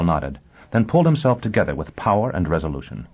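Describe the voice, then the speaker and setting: Low voiced guy reading a story aloud, kinda muffled sound. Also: big pitch swings, quick pace, husky. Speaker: audiobook narrator. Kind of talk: scripted narration.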